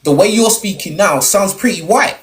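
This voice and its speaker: A man's voice: high voice, normal speed. A young adult man from Nigeria hosting a heated panel debate, arguing hard and cutting in with repeated "hold on"s. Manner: argumentative, interrupts, repeats "hold on". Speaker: podcast host.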